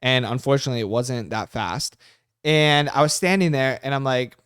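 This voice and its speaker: A young man co-hosting a podcast, telling stories in a relaxed, joking way. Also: medium pitch, normal speed, smooth, no room sound, studio quality. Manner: joking, laid-back storytelling. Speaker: podcast co-host. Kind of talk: casual chat.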